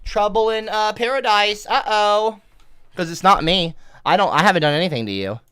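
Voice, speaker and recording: A man livestreaming into a headset mic, reading chat aloud and cursing and yelling back at viewers. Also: high-pitched, normal speed, clear, resonant tone, dry recording, studio quality. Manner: profane, combative, shouting back at chat.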